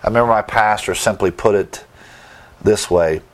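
A man's voice: lowish voice, normal speed. A man preaching a sermon, teaching verse by verse with emphatic asides and rhetorical questions. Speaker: pastor.

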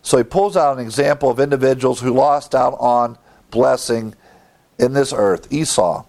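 A man's voice: mid-range voice, moderate pace, gravelly, darkish tone. A man preaching a sermon as pastor, acting out biblical characters with short quoted lines.

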